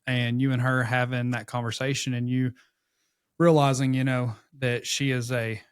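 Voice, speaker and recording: A man's voice: medium pitch, flat delivery, normal speed, clean tone, dry recording, clean studio sound. A man co-hosting a church podcast, speaking reflectively about fatherhood in a casual conversation. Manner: reflective, supportive interjections. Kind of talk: casual faith discussion.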